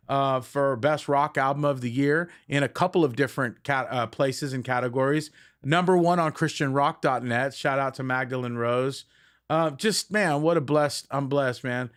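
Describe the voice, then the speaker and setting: Middle-aged male frontman, loose rambling live-stream chat, ordinary mid pitch. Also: fairly bright tone. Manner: rambling and affectionate, many fillers.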